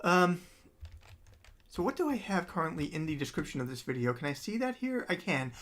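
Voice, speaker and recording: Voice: medium pitch, big pitch swings, brisk, a bit bright. A musician chatting casually on their own livestream, rambling with many ums and frequent laughs.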